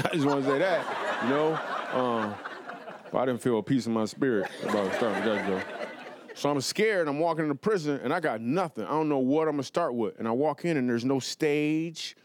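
A man doing stand-up comedy storytelling in a TV studio, animated and playful, with quick asides to the audience. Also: medium pitch. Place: television studio before a live audience.

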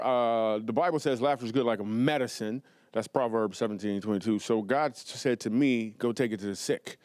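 A man's voice: mid-range voice, no room sound, studio quality. Playful man telling stand-up stories. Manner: animated, playful, quick asides to the audience. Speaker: stand-up comedian. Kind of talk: stand-up comedy storytelling. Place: television studio before a live audience.

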